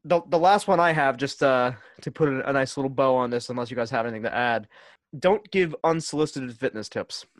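A man's voice: medium pitch, fairly quick, dry recording. A man hosting a casual podcast chat, steering the talk through a list of topics. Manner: steers the topics, lists items. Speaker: podcast host.

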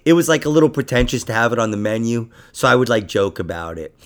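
A man's voice: medium pitch, lively intonation, fast talker. A man co-hosting a comedy podcast in casual chat, laughing often and breaking into silly mock voices.

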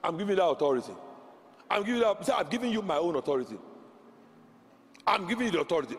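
High, fervent shouting preacher man. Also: animated, very fast, pauses often. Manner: fervent, shouting, repeats declarations for the congregation. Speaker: pastor. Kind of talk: charismatic sermon with tongues and call-and-response. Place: large church sanctuary. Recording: reverberant church hall.

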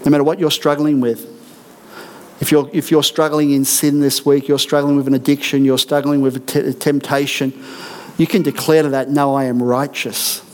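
A man's voice: fairly high pitch, little pitch movement, a little fast, a little mellow. A middle-aged man, a senior pastor, preaching a sermon in an earnest, emphatic way with repeated declarations in a church. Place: church auditorium.

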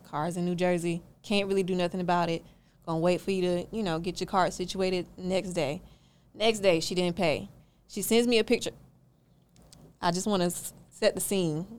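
Lively storytelling woman with a smooth voice. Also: mid-range voice. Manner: lively, acts out both sides of the story. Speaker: podcast guest, car rental owner. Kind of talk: animated storytelling in a casual interview.

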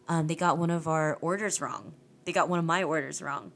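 A woman in easygoing podcast talk, spinning lively stories and swearing freely. Her voice sits a little low for a woman. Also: fairly quick, vocal fry. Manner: animated storytelling with swearing and laughs. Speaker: podcast guest. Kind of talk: casual chat.

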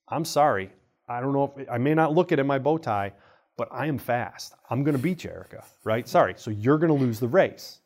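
A man, a kinesiology professor, explaining ideas in a relaxed podcast conversation and acting out the people in his stories. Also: mid-range voice. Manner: animated storyteller, acts out quoted voices. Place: college podcast studio.

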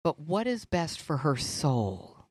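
A middle-aged woman co-hosting a faith podcast, telling stories and teaching in an earnest, animated way. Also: low-pitched, slow, breathy edge, dry recording, studio quality. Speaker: podcast co-host. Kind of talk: faith-based conversational teaching.

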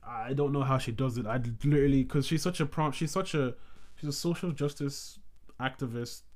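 Guy hosting a podcast, chatty and rambling, lots of restarts, mid pitch voice. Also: fairly quick. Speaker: podcast host. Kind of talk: casual chat.

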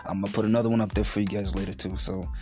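A man hosting a podcast, telling a story in a blunt, profane and animated way, loudly mocking the people he quotes. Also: lowish voice, very fast, faint music behind. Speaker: podcast host. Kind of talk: casual profane monologue.

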